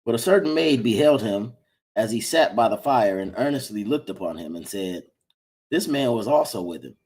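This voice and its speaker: A man reading King James style scripture aloud at a steady pace during a Bible lesson. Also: fairly low pitch, normal speed, slightly rough, rough recording. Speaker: scripture reader.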